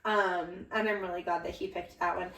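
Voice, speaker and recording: A woman's voice: lowish voice, fairly even intonation, normal speed, a bit bright, recorded from a distance. A young woman co-hosting a podcast, telling a story in a gushing, casual way with lots of fillers. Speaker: podcast co-host. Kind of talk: casual chat. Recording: echoey room, voice a bit off-mic.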